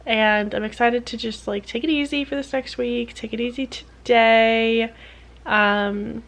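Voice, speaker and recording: A young woman with a slightly high yet gravelly voice talks casually into her vlog camera; she's a PhD student. Rushing through her story, she sprinkles "like" everywhere and performs others' lines in abrupt, high, lively voices.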